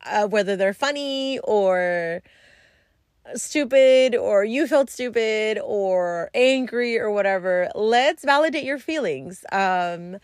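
A woman's voice: medium pitch, expressive, slow pace, clean tone, no echo, studio quality. A woman hosting a podcast, telling a casual story in a rambling way, swearing freely and using lots of fillers. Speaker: podcast host.

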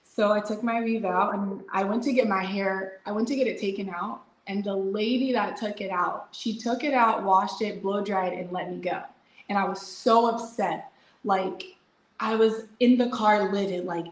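Chatty young adult woman, interview guest, animated storyteller, echoey room. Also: mid-range voice, moderate pace. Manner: chatty, animated, frequent "like" fillers and laughs.

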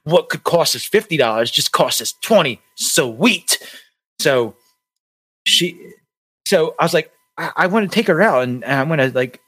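A man's voice: mid-range voice, a bit bright. A young man co-hosting a podcast, telling a rambling story with many restarts. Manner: rambling, lots of likes and restarts. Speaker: podcast co-host.

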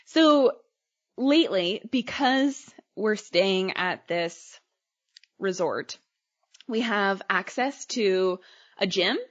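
A woman's voice: mid-range voice, lively intonation, extremely slow, highs cut off. A woman co-hosting a podcast in a casual chat, talking loosely and laughing often. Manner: chatty, laughs often, trails off mid-sentence. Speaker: podcast co-host.

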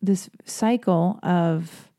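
Chatty self-mocking young woman, mellow voice. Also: on the low side, extremely slow, no echo, clean studio sound. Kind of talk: confessional monologue.

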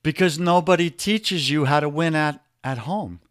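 A man with a New York accent speaks as a podcast guest, pressing his points hard and calling the listener brother. His voice sits a little high. The sound is dry and close. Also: normal speed, smooth, dry recording. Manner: emphatic, preachy, talks straight to listeners as "brother". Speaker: guest, men's coach. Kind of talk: podcast interview.

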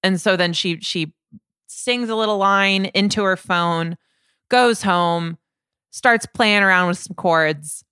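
A woman's voice: medium pitch, slow, bright, forceful tone, smooth, no echo, clean studio sound. A woman co-hosting a podcast in casual chat, joking and posing questions to her partner. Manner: chatty, joking, poses questions. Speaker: podcast co-host.

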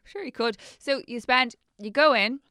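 Bright, crisp Irish woman chatting. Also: sits high, normal speed, no room sound, studio quality. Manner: chatty storyteller, trails off and restarts. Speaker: podcast co-host. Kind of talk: casual chat.

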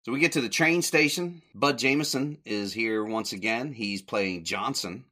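A man's voice: mid-range voice, moderate pace, pushed and bright. A man hosting a podcast, casually retelling an old comedy short, rambling a little, correcting himself and chuckling often. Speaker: podcast host.

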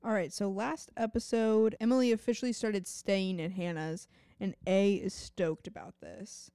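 Wry woman recapping, smooth voice. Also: mid-range voice, fairly even intonation, mellow, no echo, clean studio sound. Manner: brisk, wry asides while summarizing. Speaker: podcast co-host. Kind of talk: casual recap of a TV episode.

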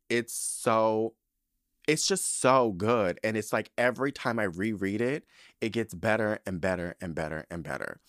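Podcast host, man, 30s, low voice, salty and animated, dry close sound. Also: a little slow, dry recording. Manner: profane, animated and gushing. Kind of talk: casual chat.

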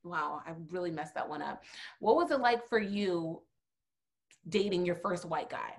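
A woman's voice: fairly low pitch, animated, unhurried, creaky. A young woman in casual conversation, sharing stories and asking questions.

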